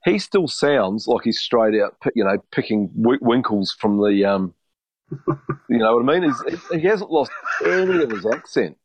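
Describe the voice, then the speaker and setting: A man's voice: mid-range voice, lively intonation, normal speed, breathy edge, dry recording. A man in his fifties from New Zealand, telling long rambling stories in a casual chat, with frequent restarts and swearing. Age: 50s. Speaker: podcast co-host. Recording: dry, muffled podcast audio.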